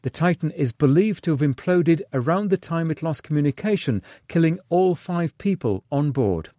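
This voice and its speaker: A male correspondent delivers a news report in a steady, serious tone. His voice is mellow and slightly high. It is recorded close and dry. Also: moderate pace, no room sound.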